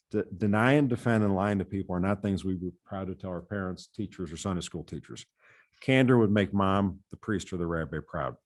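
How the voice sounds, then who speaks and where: A man's voice: fairly low pitch, darkish tone. A man from the US Midwest giving prepared testimony to a committee as a patient safety advocate, earnest and often repeating words as he goes. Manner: earnest, with frequent word repeats.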